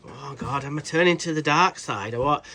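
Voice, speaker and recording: A man's voice: fairly high pitch, normal speed, sharp tone, a little hiss or hum. A British man reviewing a tool in a casual vlog, rambling and swearing freely with cheeky jokey asides. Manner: rambling, swears a lot, restarts sentences.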